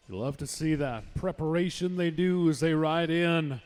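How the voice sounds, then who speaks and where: A man announcing riders at a rodeo with an upbeat, introducing manner. His voice sits fairly high for a man. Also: normal speed, few pauses, darkish tone, faint music behind. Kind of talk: live rodeo commentary.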